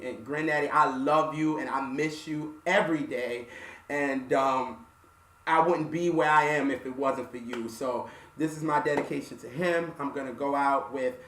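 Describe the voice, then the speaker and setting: A slightly high-voiced man speaks haltingly and softly, with lots of pauses and fillers, as he tells a personal story on his music show. His voice sits a little back from the mic in a roomy, echoing space. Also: recorded from a distance. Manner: halting, soft-spoken, many fillers. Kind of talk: emotional personal story to camera.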